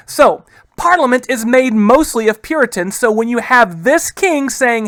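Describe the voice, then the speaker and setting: A man's voice: high-pitched, animated, fairly bright tone, dry recording. A man teaching a history lesson in a casual, chatty way, often saying "guys" and asking rhetorical questions. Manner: acts out historical figures in quick quoted asides. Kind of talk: casual classroom lecture.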